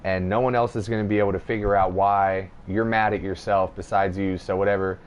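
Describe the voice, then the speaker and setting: A man's voice: deep voice, a little fast, clear, resonant tone, lo-fi sound. A young man hosting a podcast, telling a rambling, profane story in casual chat. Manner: profane, rambling, animated retelling. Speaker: podcast host.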